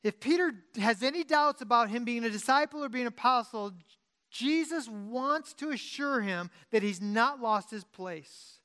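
A pastor delivering a sermon as an informal teaching talk. The voice swings from loud, pressing emphasis down to quiet, low-key asides. Sentences often restart and get corrected mid-thought. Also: expressive, normal speed, smooth.

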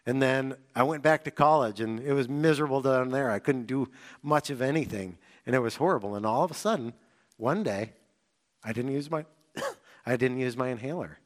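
A young male pastor delivers a sermon in a conversational, storytelling way. His voice sits at an ordinary middle pitch. Now and then he jumps into excited, high-energy outbursts. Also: moderate pace. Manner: animated storytelling with sudden excited bursts.

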